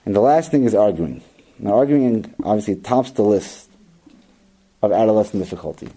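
Man, dark mellow voice, lowish pitch, earnest parenting lesson, emphatic repetition. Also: lively intonation, moderate pace, slightly rough, rough recording. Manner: earnest, emphatic, repeats words for stress; acts out quoted parent and child lines. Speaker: parenting educator. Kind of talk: instructional talk to parents.

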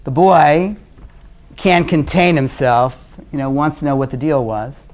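A man from Brooklyn, New York, giving a conversational class on parenting. He is earnest and often drops to a quiet, low voice as he tells stories. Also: measured pace. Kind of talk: conversational lecture with storytelling.

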